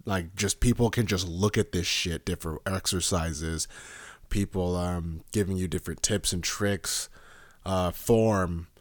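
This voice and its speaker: A young man hosting a podcast, chatting casually in a rambling, profane, animated way and laughing often. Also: low voice, measured pace, no room sound, clean studio sound. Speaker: podcast host.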